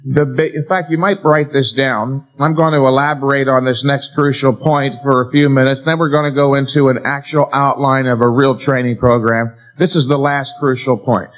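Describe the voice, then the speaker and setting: A man's voice: mid-range voice, steady tone, moderate pace, hardly any pauses. Emphatic man lecturing on a lo-fi tape. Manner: emphatic, asks and answers rhetorical questions, stresses key words. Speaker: seminar lecturer. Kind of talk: live lecture to an audience. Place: seminar room before an audience. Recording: dull lo-fi 1990s seminar tape.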